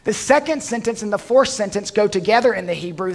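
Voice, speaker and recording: Preaching a sermon, a pastor slows down and softens his voice to drive points home, adding dry bits of humor. His voice is high, with lively intonation.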